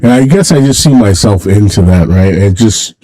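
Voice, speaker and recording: A man hosting a casual solo livestream from home, rambling and halting, talking in a sentimental way. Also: on the low side, animated, dark tone, poor audio. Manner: rambling, halting, many restarts; emotional, sentimental. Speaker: livestream host.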